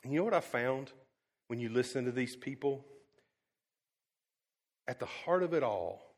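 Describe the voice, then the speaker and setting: A man preaching to his congregation at an ordinary pitch, his voice carrying with a long reverb through a church hall. He tells stories with animated energy, dropping to a hush and then booming out again, and he pauses often on fillers like um. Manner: animated storytelling, swings from hushed to loud; frequent "um" fillers and restarts. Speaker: pastor. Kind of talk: sermon.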